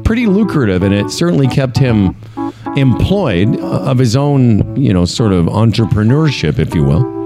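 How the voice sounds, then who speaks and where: A man's voice: medium pitch, sing-song, moderate pace, music in the background. A man co-hosting a talk show, joking and self-deprecating in casual banter. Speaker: radio show co-host.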